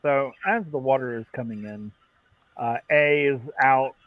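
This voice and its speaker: A man's voice: medium pitch, measured pace, no room sound. A man running a tabletop game as game master, narrating casually with lots of fillers. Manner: relaxed, with many fillers and laughs. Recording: dull dry lo-fi mic.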